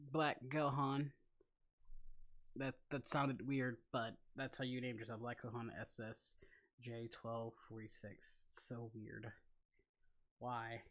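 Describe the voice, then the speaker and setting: Man chatting on a livestream with loud outbursts. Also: medium pitch. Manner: laughs often, jumps into loud outbursts. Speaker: livestream host. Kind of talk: casual livestream chat reading viewer comments.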